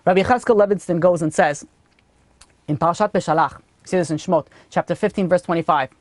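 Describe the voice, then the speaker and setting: Male rabbi, lively lecture-storyteller, dry close sound. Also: high-pitched, a little fast, no room sound. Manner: animated storyteller, drops to a murmur for story asides. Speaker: rabbi teaching a weekly class. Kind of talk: Torah class with storytelling. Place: classroom.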